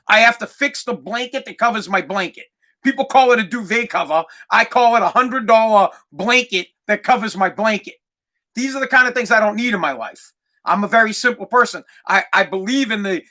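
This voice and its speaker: A man in his thirties hosting a podcast, ranting casually and with exasperation, sometimes yelling. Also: high voice. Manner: exasperated ranting, yells and imitates barking. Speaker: podcast host. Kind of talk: casual comedic rant.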